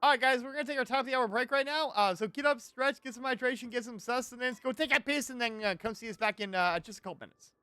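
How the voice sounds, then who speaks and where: A man streaming a game live with friends, animated and quick to laugh and swear. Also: extremely high pitch, clean tone, no room sound. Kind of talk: live gaming stream chat. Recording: game music in the background.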